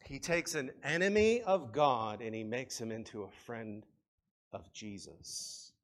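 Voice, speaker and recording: A man preaching a sermon to a congregation, swinging between loud appeals and quiet reflection. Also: mid-range voice, a little slow. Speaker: pastor.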